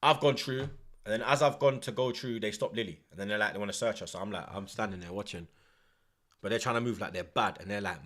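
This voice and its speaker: Bright, slangy streamer. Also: male voice, on the low side, fast. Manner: animated, swears often, heavy slang. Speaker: livestream host. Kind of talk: casual storytelling chat.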